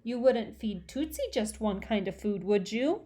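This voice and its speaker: A woman's voice: mid-range voice, expressive, unhurried, dark tone, lightly acted. A woman voicing an eager, stubborn little boy who pleads and whines to get his way in a storybook. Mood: eager pleading.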